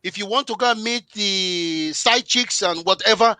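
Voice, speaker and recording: Man, high-pitched, bright and forceful, motivational speaker, emphatic and repetitive, dry close sound. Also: normal speed, no echo. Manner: emphatic, preachy, repeats phrases for emphasis; direct address to the audience. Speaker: guest speaker on relationships. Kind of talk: impassioned motivational talk.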